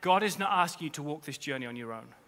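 A man's voice: a little high, animated, fast, bright, forceful tone. A man, a pastor, preaching a sermon in earnest, repeating key phrases for weight. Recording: long reverb of a large hall.

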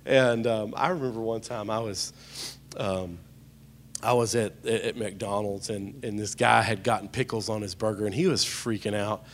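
A pastor with a fairly low, steady voice preaches a humorous sermon at a moderate pace, telling jokey stories and calling out to the congregation. There's slight background noise.

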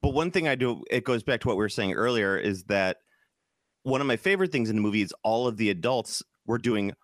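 A man's voice: on the low side, animated, fairly quick, no echo, studio quality. A man from Chicago co-hosting a casual podcast chat, rambling with lots of restarts and fillers. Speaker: podcast co-host.

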